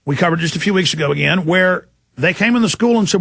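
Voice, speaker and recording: Fired-up talk radio guy ranting, gravelly voice, dry close sound. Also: high voice, lively intonation, fast talker, a bit bright, no echo. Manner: impassioned, ranting. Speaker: talk show host. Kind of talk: political talk radio monologue.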